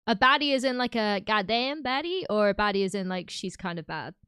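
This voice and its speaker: A woman's voice: mid-range voice, expressive, fairly quick, a bit bright, smooth, no echo. A young woman streaming live, chatting casually with her viewers, giggling often and filling her talk with "like" and "um". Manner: chatty, giggly, lots of fillers.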